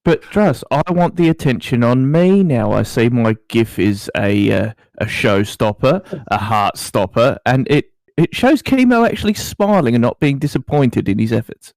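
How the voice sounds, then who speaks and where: A man's voice: medium pitch, expressive, moderate pace, hardly any pauses, a little mellow, dry recording. Teasing man with a dry-sounding mic. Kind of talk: joking online panel chat.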